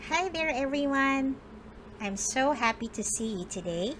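A bright-voiced woman reading a picture book to kids, taking her time and letting her pitch rise and fall a lot. Faint room ambience sits under her voice. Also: expressive, measured pace, a little hiss or hum, rough recording. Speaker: storyteller teacher. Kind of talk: read-aloud storytelling for kids.

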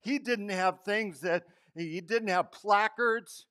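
A man preaching a Palm Sunday sermon in church, telling stories and acting out quotes, sometimes dropping to a hushed voice. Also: high voice, slow pace. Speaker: pastor.

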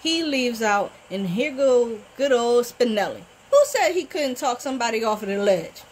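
Animated woman recapping a TV show. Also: on the high side, moderate pace, slight background noise, rough recording. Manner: animated, talks back to the characters. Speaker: TV recap vlogger. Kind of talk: casual soap-opera recap.

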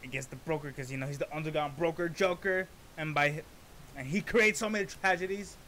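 A man casually reacting to a rap song, rambling through explanations and breaking into excited interjections. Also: on the high side, a little fast, a little hiss or hum.

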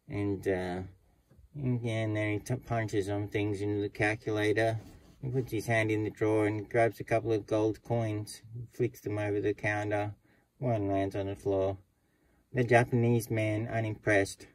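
Rambling Australian man telling a yarn, low voice. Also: level tone, unhurried, a little mellow, poor audio. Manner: casual, rambling storytelling. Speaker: joke teller.

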